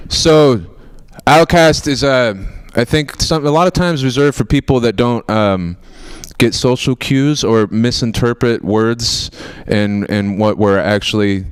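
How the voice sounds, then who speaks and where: A young man from Florida doing a stand-up set, rambling and self-mocking, now and then bursting into loud mock outrage. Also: medium pitch, a little slow, clear, resonant tone. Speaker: stand-up comedian. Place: TV studio stage with a live audience.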